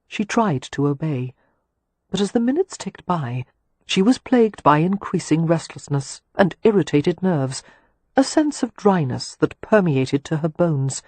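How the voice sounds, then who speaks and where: A woman narrating a romance audiobook in a calm, measured reading. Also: low voice, no echo. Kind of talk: scripted narration.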